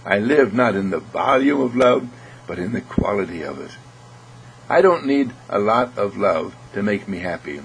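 Guy preaching about love, earnest and repetitive, keeps clearing his throat, faint hum behind. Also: fairly low pitch, expressive, moderate pace, rough recording. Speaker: spiritual speaker. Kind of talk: inspirational spiritual talk.

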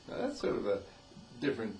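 A man's voice: mid-range voice, slight background noise, low-quality recording. A man, the dean of a school, giving a folksy inspirational talk, chuckling often and acting out the people he quotes. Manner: chuckling often, animated, acts out quoted voices.

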